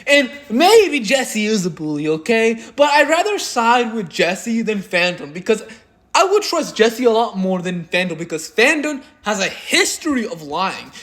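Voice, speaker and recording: A man's voice: high-pitched, fairly bright tone. A man doing drama commentary in a crude, mocking and heavily profane way. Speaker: commentary YouTuber.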